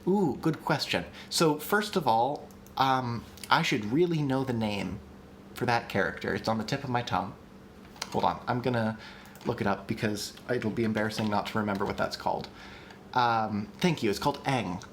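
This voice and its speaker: A man of middle pitch talks through a casual live-stream lesson at a desk mic. He sounds chatty and eager, full of ums and restarts. A faint hum of room ambience sits behind him. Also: moderate pace. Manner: chatty and enthusiastic, with many ums and restarts, reads chat aloud. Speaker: streamer teaching language construction.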